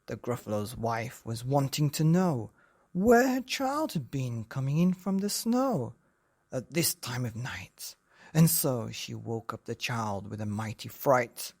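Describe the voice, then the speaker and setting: A man's voice: medium pitch, sing-song, measured pace, creaky, no room sound, studio quality. A man improvising a rhyming bedtime story in a sing-song manner.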